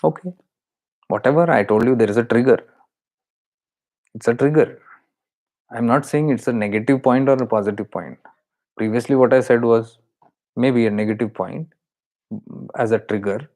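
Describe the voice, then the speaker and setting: Man, Indian accent, spiritual teacher, earnest, emphatic repetition, mid pitch. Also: normal speed, long pauses, darkish tone. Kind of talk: spiritual talk.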